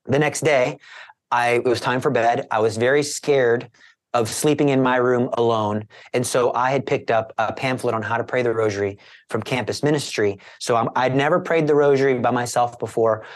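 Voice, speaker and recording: Young male guest, middle pitch, earnest emotional testimony. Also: moderate pace. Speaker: guest, Catholic evangelist. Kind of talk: personal conversion testimony.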